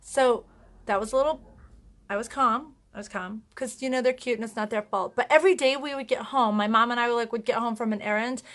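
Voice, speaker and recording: Chatty mom vlogger, voice a bit on the high side, laughing at herself a lot. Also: female voice, fast. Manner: chatty, laughing, self-mocking asides. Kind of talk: casual storytelling to camera.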